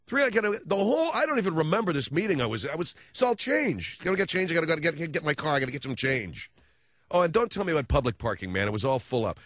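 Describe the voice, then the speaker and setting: A man's voice: on the high side, fast, dry recording, highs cut off. A man hosting a radio talk show, telling rambling comic stories with sarcastic asides. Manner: animated ranting storyteller, sarcastic asides. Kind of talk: rambling comic monologue on air. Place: radio studio.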